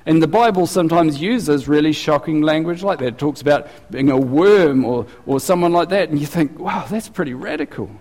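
Conversational pastor. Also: male voice, on the high side, normal speed, hardly any pauses, a little mellow, big-room sound. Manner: conversational, asks the congregation questions. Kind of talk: sermon.

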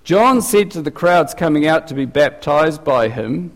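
A man's voice: fairly high pitch, animated, a little slow, big-room sound. A man preaching a sermon as pastor, chatty and asking his congregation questions. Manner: conversational, asks the congregation questions.

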